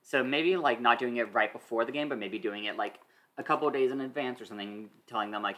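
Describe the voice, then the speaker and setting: Bright man giving quick game advice. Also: mid-range voice. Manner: advice-giving, fast asides, frequent "like". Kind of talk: casual podcast chat.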